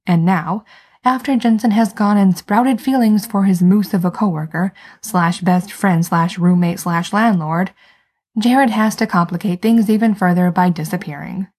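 Husky woman reading a story aloud. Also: medium pitch, moderate pace, darkish tone. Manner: wry, conversational storytelling. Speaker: narrator. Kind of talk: fan fiction read aloud.

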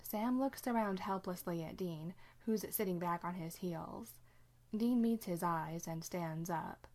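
A woman reading a story aloud in steady narration. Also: fairly low pitch, a little slow. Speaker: reader.

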